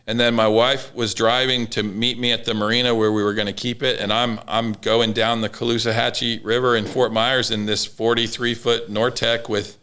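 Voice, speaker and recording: A man's voice: medium pitch, little pitch movement, normal speed, few pauses, sharp tone, clear, resonant tone. A man in casual conversation, telling an emotional story with many restarts. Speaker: podcast guest.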